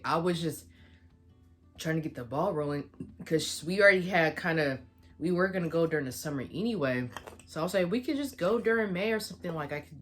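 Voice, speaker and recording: Low-voiced woman telling a storytime. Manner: animated retelling with quoted back-and-forth. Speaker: vlogger. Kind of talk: casual storytime vlog.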